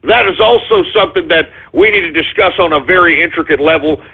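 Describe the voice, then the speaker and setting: Worked-up radio host guy, kinda high voice, husky, sounds like over a phone line. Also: animated, brisk, hardly any pauses. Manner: agitated, sarcastic, swearing rants. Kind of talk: ranting talk radio monologue. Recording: phone-like call-in radio audio.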